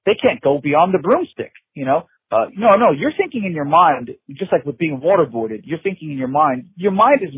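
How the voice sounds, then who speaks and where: Over a phone line, a middle-aged man gives an intense personal recollection as an interview guest, his fairly high voice slightly rough and free of echo. He keeps repeating himself emphatically, restarting and saying "you know" a lot.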